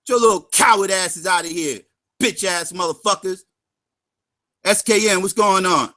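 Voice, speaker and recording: A man hosting a livestream, ranting angrily and profanely at his critics, shouting and taunting in a sing-song way and repeating his lines for emphasis. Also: high voice, normal speed. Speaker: livestream host. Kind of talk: angry profane rant.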